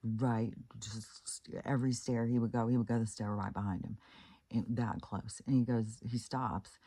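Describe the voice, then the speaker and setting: A man's voice: mid-range voice, fairly even intonation, moderate pace, mellow, no echo. A man from Kansas casually telling a creepy anecdote, rambling with many fillers and restarts. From Kansas, United States. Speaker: channel host. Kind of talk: casual storytelling.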